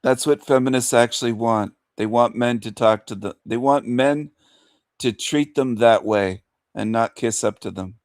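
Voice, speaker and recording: A man's voice: mid-range voice, moderate pace, clean tone, no echo, clean studio sound. A man hosting a livestream rant in a mocking, taunting manner, chuckling between insults. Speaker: livestream host.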